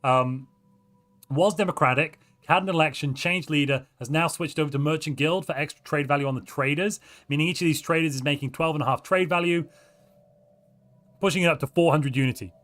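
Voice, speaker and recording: Male live-stream caster, a bit high-pitched, excitable commentary over light background music. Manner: excitable, quick asides, reads chat aloud. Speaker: tournament caster.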